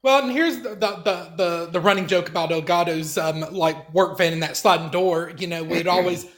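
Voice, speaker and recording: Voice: mid-range voice, normal speed. A co-host on a casual call-in show, starting over and stammering through ums and likes. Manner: hesitant, many ums and stammered restarts. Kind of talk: casual call-in radio chat.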